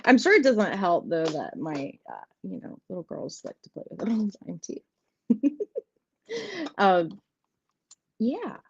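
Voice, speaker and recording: A woman's voice: mid-range voice, huge pitch swings, slow, gravelly, pauses often, slightly rough. A woman, hosting a casual live tarot stream, chatty and giggly, rambling and greeting viewers by name. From southeastern United States. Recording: dull lo-fi stream audio, dry.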